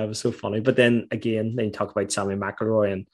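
Man, husky, deep, middle-aged, from Northern Ireland, chatty storyteller. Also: fast talker, hardly any pauses. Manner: animated storytelling, laughs while recalling. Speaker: former footballer guest. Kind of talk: casual interview chat.

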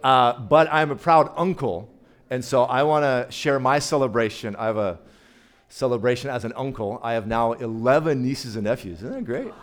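A man's voice: medium pitch, moderate pace. Chatty playful man preaching. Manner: chatty, playful, talks directly to the audience. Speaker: guest preacher. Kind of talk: casual sermon.

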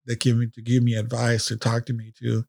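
A male podcast host speaks off the cuff, rambling and swearing raw emotion. His voice is gravelly and fairly flat in pitch. The close mic sounds dry, no room echo. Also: brisk. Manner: emotional, profane, rambling with restarts. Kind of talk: casual unscripted podcast monologue.

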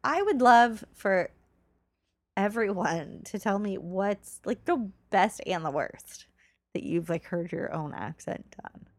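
Woman, podcast co-host, chatty and giggly, lively swooping pitch, gravelly edges. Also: slow, no echo. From California. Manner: chatty, giggly, trailing off with fillers. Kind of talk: casual chat.

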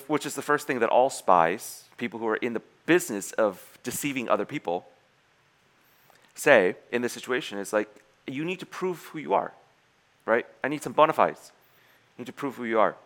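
A man preaching a sermon, telling a spy story and acting out the characters' lines, with frequent restarts. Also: mid-range voice. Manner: animated storyteller acting out quoted dialogue, many restarts.

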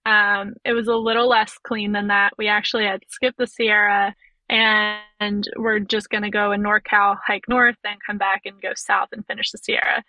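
A young woman, a physiotherapist and through hiker, guests on a podcast and tells a casual hiking story, chatty and full of "like" and "you know." Her medium-pitched voice is bright and forceful, with flat delivery at a moderate pace. The sound is lo-fi without echo.

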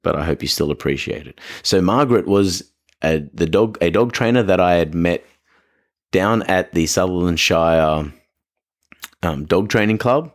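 A man's voice: low-pitched, moderate pace. An Australian man hosting a podcast, telling a story in a chatty, rambling, self-deprecating way. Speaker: podcast host. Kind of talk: casual storytelling monologue.

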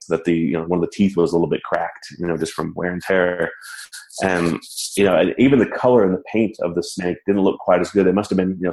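Deep-voiced man telling a story. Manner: animated, self-mocking, laughs while telling. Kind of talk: casual personal storytelling. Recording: roomy echo.

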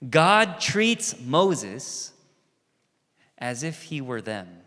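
A man preaching a sermon as pastor, animated and conversational, acting out quoted voices and asides. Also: on the high side, extremely slow. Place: church sanctuary. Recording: long reverb of a church hall.

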